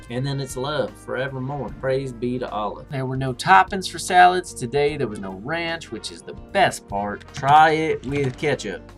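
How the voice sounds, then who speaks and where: A man riffs sarcastically on customer reviews, mocking the writers and slipping into silly voices. His voice sits in a middle pitch. Faint guitar music plays quietly behind him. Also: expressive, normal speed. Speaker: comedian reading reviews. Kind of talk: comedic review reading.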